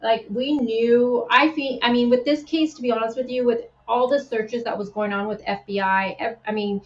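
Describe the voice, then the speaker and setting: A woman's voice: on the high side, steady tone, normal speed. Emotional woman chatting on a livestream. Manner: emotional, tearful, rambling with restarts. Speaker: livestream host. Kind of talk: emotional casual chat on a livestream. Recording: roomy, dull lo-fi stream audio.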